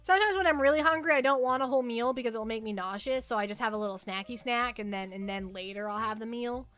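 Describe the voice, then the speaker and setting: A young woman chats on a livestream in a bright, fairly high voice, rambling and stumbling over repeated words as she answers her viewers. Faint music plays behind her. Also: fast. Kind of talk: casual chat with live chat.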